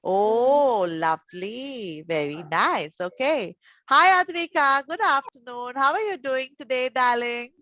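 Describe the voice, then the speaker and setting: High-voiced teacher coaxing small children. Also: female voice, expressive, unhurried, no room sound. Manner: gentle, encouraging, coaxing with endearments. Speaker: preschool teacher. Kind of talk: online class with young children. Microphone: video call. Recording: dull, dry video call audio.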